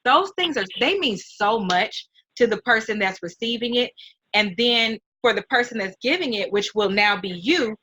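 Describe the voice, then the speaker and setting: Woman, middle-aged, interview host, heartfelt mentoring manner, high bright voice. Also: lively intonation, normal speed, a little hiss or hum, rough recording. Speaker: host and nonprofit founder. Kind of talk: emotional casual interview.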